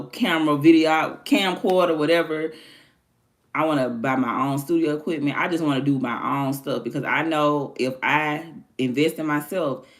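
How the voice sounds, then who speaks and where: A woman hosting her own stream, chatting candidly and animatedly in casual slang. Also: a bass voice. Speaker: livestream host. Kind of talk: casual chat.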